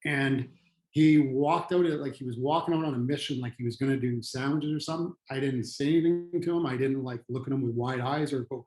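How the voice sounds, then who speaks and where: A middle-aged man, a retired firefighter who now trains people on trauma and resilience, telling a personal story in a halting, earnest way with frequent restarts. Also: medium pitch, darkish tone, echoey room, poor audio.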